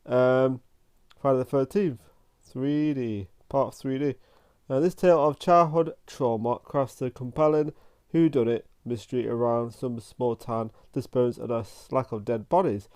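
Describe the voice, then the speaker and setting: A man giving a casual spoken film review, rambling and halting, often restarting his sentences and filling them with "like". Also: medium pitch, steady tone, darkish tone, smooth.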